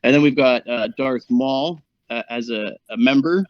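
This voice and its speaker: A man's voice: mid-range voice, moderate pace, dry recording. Man, gaming co-host, hesitant, lots of fillers, dry, dull lo-fi mic. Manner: hesitant, many fillers while reading stats. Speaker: co-host giving the meta report. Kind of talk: casual gaming commentary.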